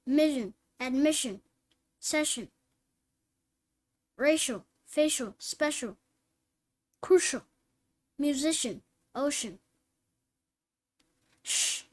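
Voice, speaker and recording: A woman reading phonics word lists and practice sentences aloud, one word at a time, slowly and clearly, like a reading teacher. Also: high-pitched.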